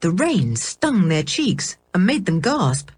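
A woman reading a children's storybook aloud, expressive and measured. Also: on the low side, breathy edge, no echo. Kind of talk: storybook narration.

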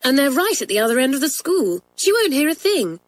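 Lady reading as a cocky schoolgirl, high and breezy, storybook voice. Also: sing-song, fairly quick, no room sound. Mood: reassuring. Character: eager confident schoolgirl.

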